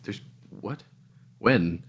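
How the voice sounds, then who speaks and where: A woman's voice: very deep voice, drawn-out words, vocal fry, slight background noise. A woman co-hosting a casual podcast, teasing, blunt and sarcastic, with casual swearing. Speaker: podcast co-host.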